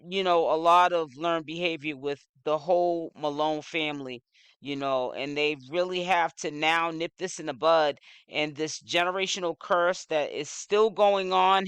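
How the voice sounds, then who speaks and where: Male commentator, crisp and clean tone, easygoing rambling delivery, dry sound. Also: a little high, a bit bright, dry recording. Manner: rambling, many "you know" fillers. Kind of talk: casual commentary.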